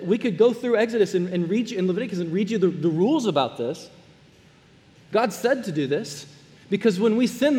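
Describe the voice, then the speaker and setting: A man preaching a sermon as a pastor, earnest, dropping to hushed tones and then rising to emphatic ones. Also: sits high, long reverb tail. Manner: earnest, swings between soft hushed lines and raised emphatic ones.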